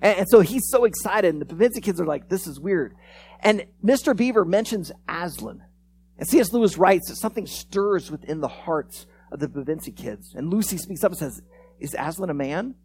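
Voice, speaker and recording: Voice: mid-range voice, brisk, slightly rough. A preacher giving a conversational sermon, telling stories and acting out the lines of the people in them. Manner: animated storyteller, acts out quoted lines; conversational, frequent restarts and "like". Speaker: pastor. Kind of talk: sermon with storytelling.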